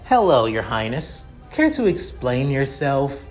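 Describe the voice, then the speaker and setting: A man voicing an angry, hot-tempered young woman who yells and swears at a prince. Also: very deep voice, big pitch swings, measured pace, soft background music, heavily acted. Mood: sarcastic. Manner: yelling, swearing.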